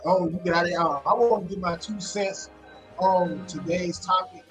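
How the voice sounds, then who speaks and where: A man's voice: high voice, fairly even intonation, normal speed, music in the background, low-quality recording. A man calling into a live show, making a long, blunt argument built on an analogy. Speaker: caller. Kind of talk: call-in commentary.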